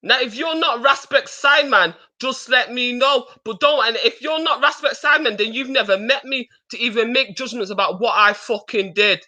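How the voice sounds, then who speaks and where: A woman's voice: fairly high pitch, moderate pace, few pauses, bright, forceful tone. Blunt, foul-mouthed Manchester woman. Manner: blunt, profane and confrontational. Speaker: panelist on a live stream. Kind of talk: heated live-stream talk.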